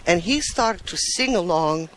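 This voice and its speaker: Slow-paced woman telling a story in Hawaiian Pidgin. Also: on the low side, lively intonation, a bit bright, low-quality recording. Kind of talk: first-person comic storytelling.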